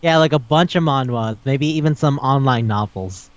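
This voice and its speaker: A man co-hosting a podcast, ranting in disbelief with rapid questions and lots of swearing. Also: medium pitch, dry recording, dull audio. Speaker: podcast co-host. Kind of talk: casual chat.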